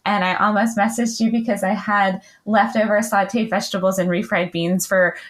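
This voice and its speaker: Middle-aged woman guest, casual and chatty, mid pitch, laughs easily. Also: steady tone, moderate pace, fairly bright tone. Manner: chatty, laughs often, many fillers. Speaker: podcast guest, client. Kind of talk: casual interview chat.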